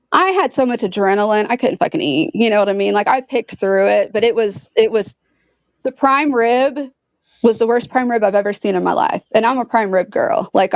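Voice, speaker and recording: A woman guest telling a story in casual chat, animated and profane, with many fillers. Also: mid-range voice, vocal fry, dry recording. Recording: dull lo-fi sound.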